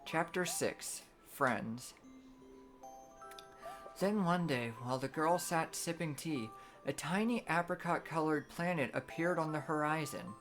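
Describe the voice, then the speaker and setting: A woman streamer reading a storybook aloud in a gentle, measured bedtime manner. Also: low voice, soft background music.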